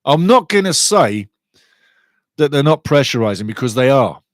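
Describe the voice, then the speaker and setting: A man's voice: medium pitch, very animated, normal speed, no room sound. A man hosting a live football watch-along, giving chatty fan commentary and reading out viewer comments.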